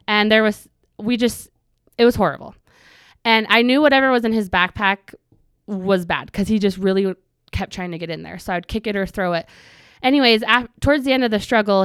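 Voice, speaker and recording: A woman's voice: medium pitch, a bit bright, smooth, no echo. Woman telling a vivid personal story. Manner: vivid storytelling that acts out her own quoted thoughts; earnest with flashes of humor. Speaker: podcast guest. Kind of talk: personal story told in an interview.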